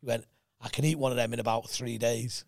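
A man's voice: mid-range voice, level tone, fairly quick, vocal fry, no room sound, studio quality. A man, a comedian, chatting casually and teasing the others, laughing often. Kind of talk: casual chat.

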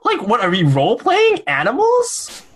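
Animated, playful male podcast host. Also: very high-pitched, moderate pace. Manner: playful, laughs often, teasing. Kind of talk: casual chat.

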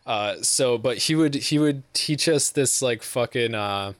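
A man's voice: medium pitch, measured pace, no echo, clean studio sound. Rambling, foul-mouthed young man. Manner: rambling, profane, laughs often. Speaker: podcast co-host. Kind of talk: casual chat.

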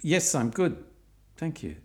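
A man's voice: a little high, big pitch swings, slow pace, pitched above the performer's own voice. A man voicing a friendly young Norwegian woman hiker in a mock Norwegian accent, cheerful and chatty.

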